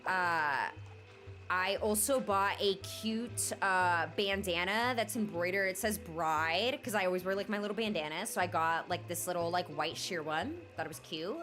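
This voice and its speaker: A woman's voice: mid-range voice, pushed and bright. A young woman hosting a livestream, chatting casually and bubbly while gaming, with lots of fillers. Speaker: livestream host.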